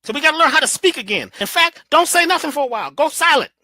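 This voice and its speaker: A man holding forth in an animated motivational talk, emphatic and preachy, swinging his pitch all over. His tone is bright and forward, and the recording is close and dry with no room sound. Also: quick pace, no echo. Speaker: guest speaker.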